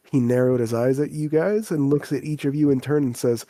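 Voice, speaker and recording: A man's voice: mid-range voice, fairly even intonation, fairly quick, few pauses, warm tone, no echo. A man narrating a tabletop game as the game master, in plain storytelling.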